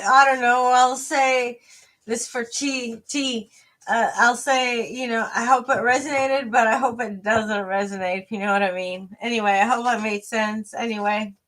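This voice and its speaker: Woman, tarot reader, live reading, slow unhurried delivery, rambling with fillers, friendly chat. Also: on the high side, fairly bright tone. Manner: hesitant, rambling, many fillers and restarts; chatty and friendly with viewers.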